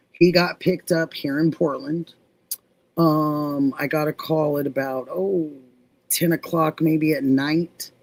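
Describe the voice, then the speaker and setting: Woman host, slow, unhurried storyteller, dry close sound. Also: deep voice, no room sound. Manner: reads viewer comments aloud, drawn-out storytelling. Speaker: live stream host. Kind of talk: casual chat and personal story.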